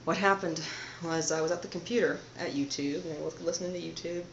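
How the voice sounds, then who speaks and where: A woman hosting her own channel, talking to camera in a soft-spoken, meandering, conspiratorial monologue. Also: deep voice, steady tone, fast talker, vocal fry, a little hiss or hum. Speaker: channel host. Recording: roomy, slightly dull home recording.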